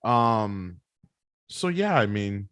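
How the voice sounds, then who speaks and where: A man co-hosting a wrestling podcast, talking slowly in casual chat with many pauses and fillers. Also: fairly low pitch, very animated, fairly bright tone, smooth, dry recording, clean studio sound. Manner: slow, halting, with many fillers. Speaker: podcast co-host.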